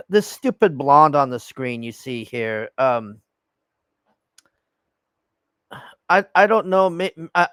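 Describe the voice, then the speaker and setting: A young man rambles through a casual movie review, swearing and sighing in exasperation. His voice is gravelly yet smooth and full. It sounds close and dry, with no room echo. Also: medium pitch, fairly bright tone. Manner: rambling, profane, exasperated sighs.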